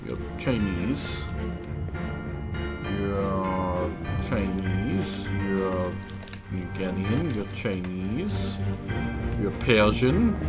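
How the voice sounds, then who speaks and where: A man streaming live, muttering to himself as he reasons through a puzzle game, with sudden bursts of excitement. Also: fairly low pitch. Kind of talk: live gameplay commentary.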